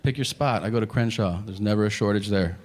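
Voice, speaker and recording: A male stand-up comedian in his forties, telling animated, profane stories on a club stage and slipping into voices for the people in them. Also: lowish voice, fast talker, long reverb tail, a crowd in the background. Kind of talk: stand-up routine. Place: comedy stage before a laughing audience. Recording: noisy live club recording.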